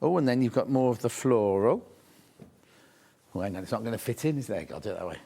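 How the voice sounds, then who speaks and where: A man's voice: medium pitch, lively intonation, quick pace, creaky, mellow. A man presenting products on a live shopping channel, chatty and gushing, thinking aloud as he unpacks things.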